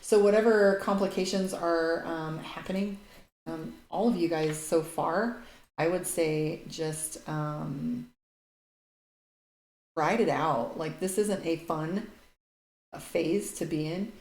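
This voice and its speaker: Lowish and darkish in tone, this Irish-heritage woman's voice carries her casual live tarot readings. She's chatty and blunt, reads viewer comments aloud, and swears now and then in an echoey room with faint noise.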